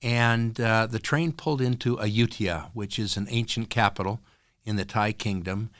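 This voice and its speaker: An older man with a fairly low voice speaks as a podcast guest. He tells his story in an earnest, thoughtful way, pausing often with small fillers, and the recording is dry and close. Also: fairly even intonation, fairly bright tone, dry recording. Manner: earnest, reflective, with frequent filler pauses. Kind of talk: storytelling interview.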